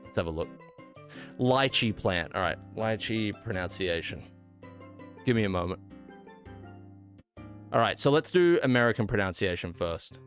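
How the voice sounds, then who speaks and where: A man's voice: on the low side, expressive, moderate pace, pauses often, fairly bright tone, soft background music. Australian man bantering with his stream chat. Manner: playful, mock-indignant banter with chat. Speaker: game streamer. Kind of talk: casual live-stream chat while gaming.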